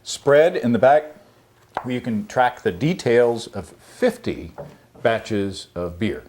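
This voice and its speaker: A man's voice: medium pitch, expressive, slow, darkish tone, slight background noise. A man co-hosting a homebrewing show, chatting casually and joking a lot. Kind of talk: casual chat.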